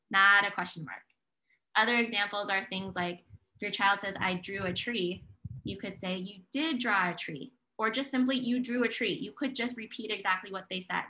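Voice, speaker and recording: A woman presenting a parenting webinar over a video call, slowing down to model example phrases for parents. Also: medium pitch, poor audio. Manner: warm coaching tone, models example phrases slowly. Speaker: child psychologist presenter.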